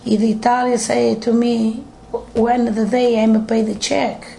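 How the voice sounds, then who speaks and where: A woman's voice: a little high, unhurried, vocal fry, slight background noise, poor audio. An older woman with a Portuguese accent, telling her family history in broken English during an interview at home. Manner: broken English, animated storytelling with acted quotes.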